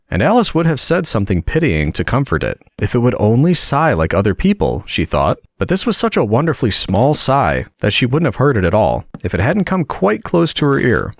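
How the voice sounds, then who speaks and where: A man narrating a relaxing audiobook in a gentle, expressive reading. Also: low-pitched, dry recording, studio quality.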